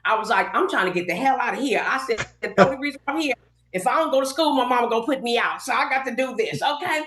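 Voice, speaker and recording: The podcast guest, a middle-aged Los Angeles woman, talks fast in a fairly high voice while telling a story. Everyone's dialogue gets acted out in her animated telling, part of a casual interview recorded in a roomy room full of echo.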